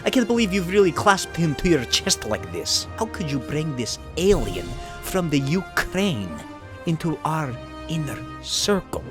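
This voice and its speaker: A man's voice: fairly high pitch, very animated, a little slow, over music. A man doing a whiny jealous Soviet officer. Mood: resentful. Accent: put-on Russian. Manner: whiny, resentful. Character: jealous, bitter young Soviet secret police chief.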